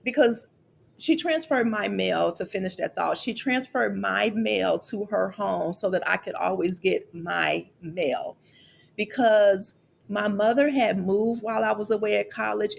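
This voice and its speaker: Gravelly-voiced woman telling a personal story. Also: medium pitch, a little hiss or hum. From Chicago. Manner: candid, emotional, repeats words when moved. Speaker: college financial aid vlogger.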